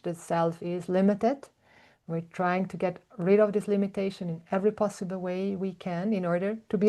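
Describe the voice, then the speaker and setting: Mellow, slow-spoken woman teaching. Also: fairly low pitch, vocal fry. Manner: slow, searching, with soft fillers and hums. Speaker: spiritual teacher, podcast host. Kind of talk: reflective spiritual talk.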